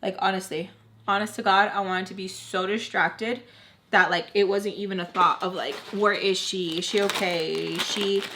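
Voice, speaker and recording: Bright-voiced young woman telling a story. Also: mid-range voice, slight background noise. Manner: chatty, heavy use of "like", animated retelling. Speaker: storytime vlogger. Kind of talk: casual storytime.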